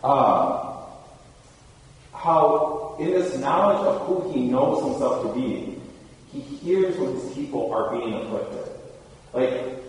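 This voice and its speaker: A man's voice: mid-range voice, darkish tone, slight background noise. A man preaching a casual, conversational sermon, full of fillers, and laughing easily. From Michigan. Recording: very echoey hall, far from mic.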